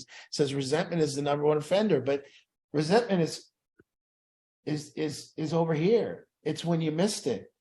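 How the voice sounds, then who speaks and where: A man's voice: fairly high pitch, moderate pace, darkish tone. A man leading an addiction recovery group in a room, talking earnestly and reflectively, acting out the inner voices he describes.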